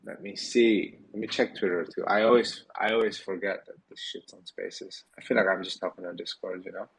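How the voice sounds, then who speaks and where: Tired, gravelly low-voiced man. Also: a little fast, low-quality recording. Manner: relaxed, rambling, many fillers. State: tired, yawning. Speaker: host of a community Q&A. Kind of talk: casual live audio chat.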